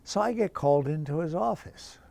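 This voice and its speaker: A man's voice: a little high, brisk, gravelly. An older man, a priest, telling a chatty anecdote about a teacher, with many asides. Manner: lively, chatty, full of asides. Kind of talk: anecdotal storytelling.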